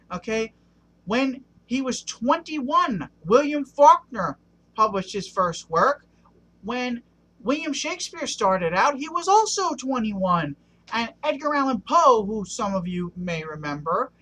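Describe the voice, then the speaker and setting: A man's voice: extremely high pitch, bright, forceful tone, rough recording. A man ranting passionately in a one-take video monologue, punctuating points with a questioning "okay?". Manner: passionate, keeps asking "okay?". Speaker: vlogger.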